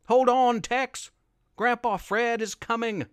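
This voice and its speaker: A man's voice: low voice, very animated, slow, no echo, studio quality, pitched below the performer's own voice, full character voice. A man voicing an old grandfather, frightened and calling out urgently for his grandson. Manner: urgent shouting calls.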